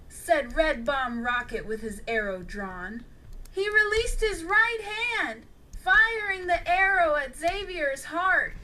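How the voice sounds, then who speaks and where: Woman narrator for a storybook, high bright voice, unhurried and expressive. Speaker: audiobook narrator.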